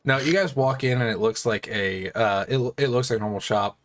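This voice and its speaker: A man running a tabletop game as game master, narrating in a relaxed way and laughing easily. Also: medium pitch, fairly quick.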